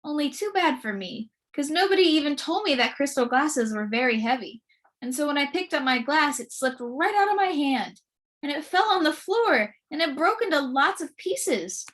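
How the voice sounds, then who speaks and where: A woman's voice: high-pitched, big pitch swings, normal speed, a bit bright. A woman doing a chatty clumsy little girl. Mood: sheepish. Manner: earnest, eager, childlike.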